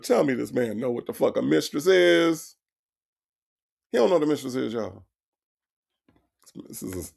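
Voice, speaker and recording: A man's voice: on the high side, vocal fry, a little mellow. A man hosting a comedic stream, mocking a phone call in disbelief and reading viewer comments aloud. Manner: incredulous, mocking, repeats lines for effect; reads out viewer chat comments. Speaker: host reacting to a jail call.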